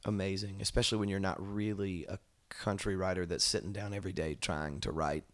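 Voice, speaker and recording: A man, a musician and songwriter, talking about his work in a relaxed, thoughtful way with many fillers. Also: sits low, brisk. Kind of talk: casual interview chat. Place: indoor music venue.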